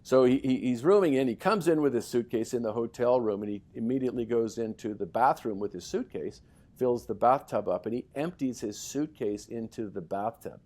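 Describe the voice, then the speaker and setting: An older man co-hosting a podcast, telling lively anecdotes in a casual way with frequent restarts. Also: mid-range voice, fairly quick. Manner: lively storyteller with many restarts. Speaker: podcast co-host.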